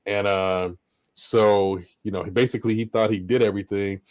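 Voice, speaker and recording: Give me a low-voiced man with a dull, dry sound. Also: normal speed, no room sound. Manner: relaxed, affirming, tells anecdotes. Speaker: podcast co-host. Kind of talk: casual storytelling chat.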